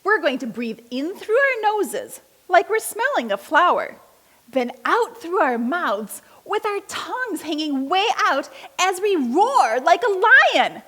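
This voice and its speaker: A woman with a high, animated voice guides children through yoga poses, giving slow, encouraging step-by-step instructions. Her phrases carry a long hall reverb. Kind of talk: guided kids' yoga with story reading.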